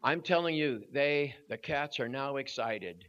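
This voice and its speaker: An older man preaching at a youth service, telling a story with growing drama and shouting at its peak. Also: medium pitch, unhurried. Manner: animated storyteller, voice rising to shouts at the climax. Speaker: guest preacher. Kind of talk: storytelling sermon. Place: church hall at a youth service. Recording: dull lo-fi recording.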